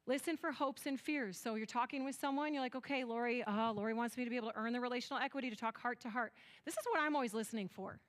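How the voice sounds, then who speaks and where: A woman's voice: a little high, quick pace, hardly any pauses. A woman with a West Michigan accent giving a conference talk, earnest and storytelling, acting out bits of dialogue as she goes. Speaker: conference speaker.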